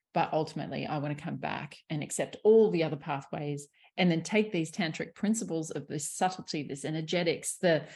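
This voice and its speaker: A woman sexuality coach talking in a casual podcast conversation, candid and animated, swearing freely and laughing often. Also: deep voice.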